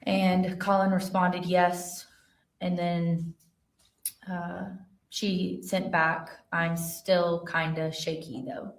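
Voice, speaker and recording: A woman investigator testifying in a courtroom, reading text messages aloud in a plain, steady way with fillers. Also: fairly low pitch, drawn-out words. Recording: roomy courtroom audio from far off.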